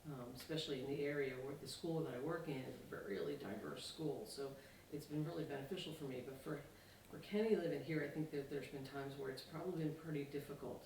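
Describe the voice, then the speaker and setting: A man's voice: a little high, fast talker, creaky, hardly any pauses, a little mellow, a little hiss or hum. A man who works at a school speaks about his host child in a documentary interview, thoughtful and hesitant, with many fillers. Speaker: school staff member and Kenny's host parent. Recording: echoey room, mic at a distance.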